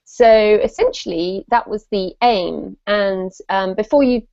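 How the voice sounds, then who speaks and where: A woman appearing as a guest author on a podcast, explaining things in a brisk, upbeat way. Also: medium pitch, lively intonation, vocal fry, a little mellow, no room sound, dull audio. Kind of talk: casual podcast chat.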